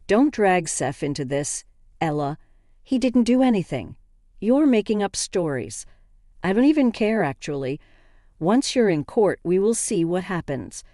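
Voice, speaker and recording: Narrator doing angry cheating husband, all accusing, warm dark tone, dry sound. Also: male voice, high voice, very animated, unhurried, no room sound, heavily acted. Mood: indignant. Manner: accusing, indignant. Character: angry, defensive cheating husband, adult man.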